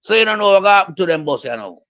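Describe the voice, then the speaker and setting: A man's voice: high-pitched, very animated, quick pace, a bit bright. Heated Jamaican man ranting, lo-fi. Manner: heated, repetitive, speaks Jamaican Patois mixed with English. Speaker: political commentator. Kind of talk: casual political rant.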